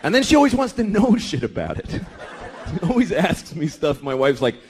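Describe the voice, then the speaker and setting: A man in his thirties performs stand-up on stage, his fairly high voice swinging wildly in pitch as he rants with exasperated profanity. Loud audience laughter and room noise fill the recording. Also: big pitch swings, normal speed. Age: 30s. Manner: profane, exasperated ranting with swearing. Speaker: stand-up comedian. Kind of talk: stand-up comedy routine. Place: comedy stage before a live audience. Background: crowd laughing.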